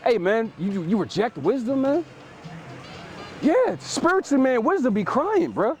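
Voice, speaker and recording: High lively preacher man, slangy. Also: normal speed, faint music behind. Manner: loose slangy talk, ends phrases with "man"; lively and emphatic, paraphrases scripture in street speech. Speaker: street preacher. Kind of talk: street preaching, commenting on scripture.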